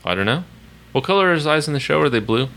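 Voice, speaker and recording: A man's voice: fairly high pitch, animated, quick pace, sharp tone, low-quality recording. A man from Oklahoma co-hosting a casual podcast, reading listener emails with playful, teasing asides. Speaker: podcast co-host.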